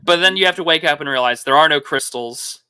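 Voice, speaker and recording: A man's voice: fairly high pitch, quick pace, sharp tone, clear, resonant tone. A man hosting a casual political podcast, musing aloud with rhetorical questions. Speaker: podcast host.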